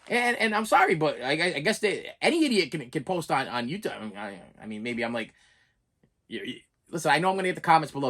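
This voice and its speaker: A man's voice: a little high, sing-song, fast talker, a bit bright. A man ranting on a vlog, exasperated and stammering with repeated words. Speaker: YouTube reviewer.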